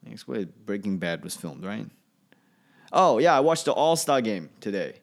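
Comedian guy, fairly low voice, just rambling solo into a home podcast mic. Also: sing-song, moderate pace, gravelly. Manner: rambling, offhand, trails off and restarts.

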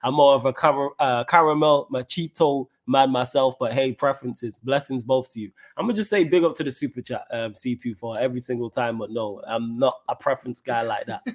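A man's voice: mid-range voice, a little fast, hardly any pauses. A man from Manchester with a Mancunian accent, co-hosting a podcast in laid-back, teasing casual chat. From Manchester, England. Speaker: podcast co-host.

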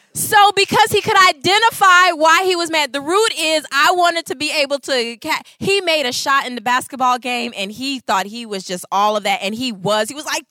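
Bright, animated woman telling stories. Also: high-pitched, moderate pace, dry recording, clean studio sound. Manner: expressive, acts out voices, laughs. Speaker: Christian speaker on marriage. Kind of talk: animated storytelling talk.

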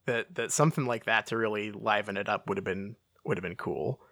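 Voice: mid-range voice, fairly quick, a bit bright, no room sound, studio quality. A podcast co-host in casual chat, reading fan fiction aloud with playful character voices.

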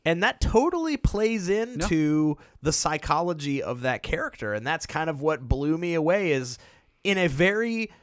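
A man co-hosting a podcast, chatting casually and excitedly about movies, swearing now and then. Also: a little high, moderate pace, clear, resonant tone, no room sound, clean studio sound. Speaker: podcast co-host. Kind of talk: casual chat.

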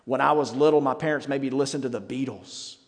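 A middle-aged man preaching a sermon as pastor, conversational and self-mocking, with dramatic pauses. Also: medium pitch. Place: church sanctuary. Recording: reverberant church hall with faint music.

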